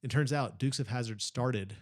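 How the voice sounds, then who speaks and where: A man's voice: medium pitch, moderate pace. A man who is a pastor, chatting casually in an interview and telling rambling stories full of fillers and restarts. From Nebraska, Texas, Kentucky.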